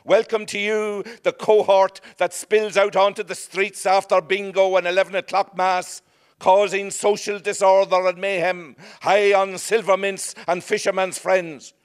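A man's voice: high voice, flat delivery, measured pace, smooth. An Irish man delivering a comic recited speech in a grand, mock-solemn oratory manner. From Ireland, Leitrim. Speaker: comic speaker.

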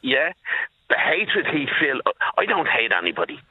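Over a tinny phone connection, a Dublin caller in his sixties tells the radio host, by name, an emphatically delivered story. His voice sits at medium pitch, sing-song at a normal speed, with a breathy edge and no room sound.

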